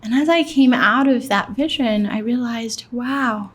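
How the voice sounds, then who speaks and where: A woman's voice: on the high side, moderate pace, slightly rough. A young woman from Pakistan, a guest in an interview, telling a personal story in a reflective way and quoting her own thoughts.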